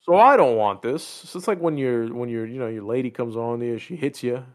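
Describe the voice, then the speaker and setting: A man's voice: mid-range voice, fairly quick. A man co-hosting a casual gaming podcast, telling stories with lots of swearing and voiced quotes. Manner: profane, animated storytelling with voiced quotes. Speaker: podcast co-host.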